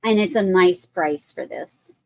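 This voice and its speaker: A woman hosts a live sale, walking through each item in a chatty, detailed way. She speaks at an unhurried pace, and her voice is close and dry with no room sound. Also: fairly low pitch, darkish tone, no echo. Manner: chatty, describes items in detail. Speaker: online sale host. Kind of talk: live sales presentation.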